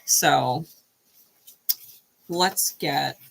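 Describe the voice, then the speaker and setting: A woman giving a casual tarot reading, blunt and animated, with frequent swearing. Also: deep voice, very slow, gravelly, a little hiss or hum, low-quality recording. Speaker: tarot reader.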